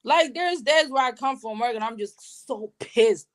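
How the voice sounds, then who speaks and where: Woman, high voice, emotional, animated, slangy, from Burundi. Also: a little slow. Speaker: guest sharing personal story. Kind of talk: emotional conversational interview.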